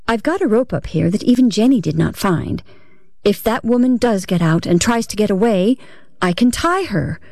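A woman's voice: mid-range voice, a little mellow, no echo, studio quality. A woman reading a first-person story aloud, in a dramatic, unsettled manner with a shifting tempo. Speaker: reader.

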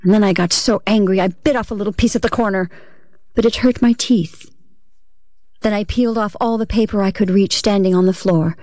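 A woman's voice: medium pitch, a little fast, warm tone, no echo, studio quality. A woman reading a first-person story aloud, in a dramatic, unsettled manner with a shifting tempo. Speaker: reader.

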